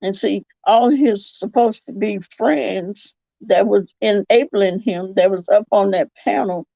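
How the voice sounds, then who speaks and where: Woman, livestream commentary, rambling and self-correcting, slow-paced, dull lo-fi audio. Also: mid-range voice, gravelly, a little mellow, no echo. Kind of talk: casual live-chat commentary.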